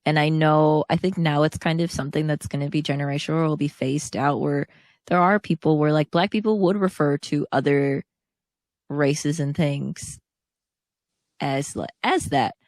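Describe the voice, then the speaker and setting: A woman's voice: low-pitched, steady tone, normal speed, a little mellow, no echo, clean studio sound. A woman co-hosting a podcast in casual chat, rambling and hedging with many fillers. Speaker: podcast co-host.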